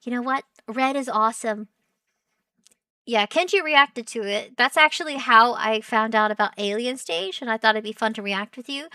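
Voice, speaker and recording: A woman's voice: a little high, normal speed, bright, forceful tone, dry recording, studio quality, recorded from a distance. A young woman streaming as a VTuber, chatting casually and playfully while reacting to a show, giggling and teasing her chat.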